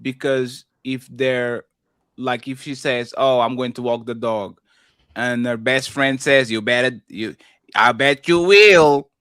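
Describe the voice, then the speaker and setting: A man's voice: mid-range voice, little pitch movement, a little slow, a bit bright, clear, resonant tone, no echo. A man on a casual podcast debate who tells stories by acting out other people's lines.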